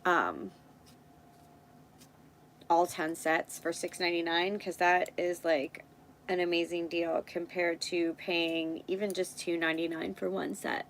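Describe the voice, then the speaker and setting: A woman's voice: lowish voice, level tone, unhurried, a little hiss or hum, poor audio. A woman hosting a casual live stream, thinking aloud as she works and chatting with viewers. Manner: thinks aloud while working, chats with viewers.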